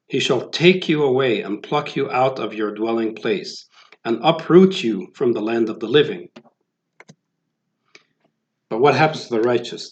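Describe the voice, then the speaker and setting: A man's voice: mid-range voice, unhurried. A man giving a sermon, talking in a conversational way with many fillers and restarts. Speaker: preacher. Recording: roomy, dull lo-fi sound.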